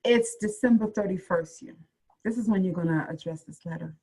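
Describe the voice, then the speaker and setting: A woman's voice: lowish voice, brisk, darkish tone, breathy edge, low-quality recording. A middle-aged woman leading a motivational leadership webinar, encouraging her listeners and giving them direct instructions with repeated phrases. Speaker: webinar speaker, leadership coach.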